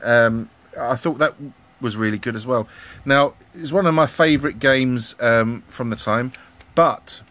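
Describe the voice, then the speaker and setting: A man's voice: medium pitch, a bit bright. A middle-aged man chatting casually about old computer magazines, full of ums and questions to viewers. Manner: rambling, hesitant, many ums, asks viewers questions. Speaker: retro gaming YouTuber. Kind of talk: casual commentary flipping through a magazine.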